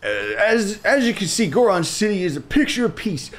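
Brief: man voicing a bossy, grumpy elderly rock-creature chief in a game, pitched high. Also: normal speed, vocal fry, a bit bright. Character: grumpy old male rock creature boss.

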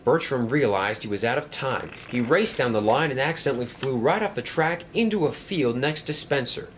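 A man reads a children's train story aloud in an expressive way. His pitch rises and falls a lot. A faint ambience sits in the background. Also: normal speed, a little hiss or hum. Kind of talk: storybook narration.

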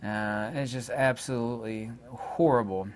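An indignant man talks straight to his viewers in a loose, rambling monologue. His voice sits at an ordinary middle pitch, and he keeps stalling on fillers before pressing on with his complaint. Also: fairly even intonation, unhurried. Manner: indignant, hesitant, many filler words. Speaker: channel host.

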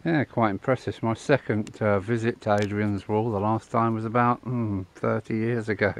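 A man's voice: lowish voice, fairly even intonation, moderate pace, slight background noise. Chatty middle-aged man vlogging outdoors. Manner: rambling, chatty, with fillers. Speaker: travel vlogger and truck driver. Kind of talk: casual travel vlog to camera. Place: outdoors in countryside by a roadside and an old wall.

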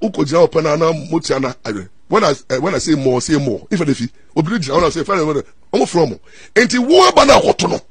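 A middle-aged Ghanaian man and lawyer, telling stories in an excitable way, mixing Twi and English and repeating his words. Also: on the high side, fast talker, slightly rough, no room sound. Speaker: lawyer and commentator. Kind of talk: animated storytelling talk.

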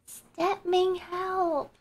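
A woman voicing a silly, whiny woman stuck and pleading for help in a creaky, drawn-out way. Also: very high voice, flat delivery, exaggerated voice.

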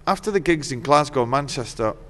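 A man's voice: medium pitch, expressive, brisk, a bit bright, slight background noise. A middle-aged man and musician, chatting as an interview guest, telling wry, laughing stories laced with swearing. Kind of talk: casual chat. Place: venue dressing room. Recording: long hall reverb.

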